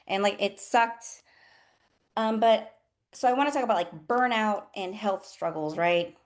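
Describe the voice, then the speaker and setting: A woman who works as a nurse coach, hosting a candid motivational talk with a group and swearing freely in an earnest, emotional way. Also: a little high. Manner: talks to listeners as y'all.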